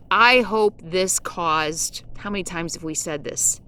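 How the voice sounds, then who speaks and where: Slow, impassioned, angry woman vlogger. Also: lowish voice, expressive, fairly bright tone. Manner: impassioned, indignant, emphatic. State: emotional and angry. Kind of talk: ranting political vlog.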